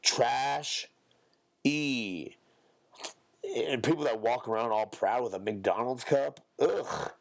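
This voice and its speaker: A young man, a podcast co-host, ranting bluntly and profanely in casual talk, now and then mocking others in a squeaky high voice. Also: slow pace, vocal fry, pauses often.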